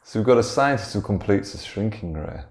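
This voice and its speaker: A man's voice: fairly low pitch, animated, fairly quick. A man co-hosting an improvised comedy podcast, making dry jokes. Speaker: podcast co-host.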